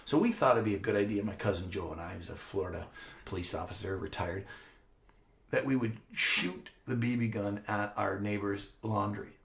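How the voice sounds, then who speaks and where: A man's voice: on the low side, moderate pace, gravelly, roomy sound. A man in his fifties, a former teacher and coach, telling a story on a podcast with laughter and acted-out scenes. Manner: animated, laughing, acts out scenes. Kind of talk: casual storytelling.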